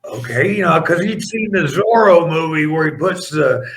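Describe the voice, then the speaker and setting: Appearing as a podcast guest, the ex-wrestler in his middle years spins stories with lively, wandering energy, frequently abandoning and restarting sentences. His somewhat high, bright and forceful voice moves at a moderate pace over a rough recording with slight background noise.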